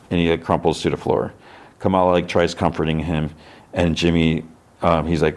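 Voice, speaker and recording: A man's voice: deep voice, flat delivery, a little fast. A man hosting a podcast, casually recapping an episode in a rambling way, full of fillers, and acting out the lines of the characters. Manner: rambling, filler-heavy, acts out quotes. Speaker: podcast host.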